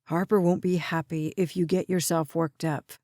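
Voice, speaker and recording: A woman voicing a patient, level-headed man who keeps his tone steady and reassuring. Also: low-pitched, no echo, clean studio sound, voice pushed down, lightly acted. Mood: calm. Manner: quiet, measured, soothing. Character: steady, patient younger man, calm and careful.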